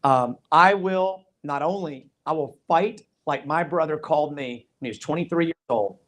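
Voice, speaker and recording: A man's voice: on the high side, normal speed. Earnest man giving a stump speech. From Georgia, USA. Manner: earnest, retells conversations in quoted dialogue; emphatic, with repeated phrases. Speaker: political candidate.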